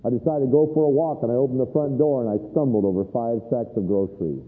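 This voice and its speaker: An older man preaching a sermon as a pastor, telling stories animatedly, moving between hushed and emphatic passages. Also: mid-range voice, fast. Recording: tinny phone-like sound in a reverberant hall.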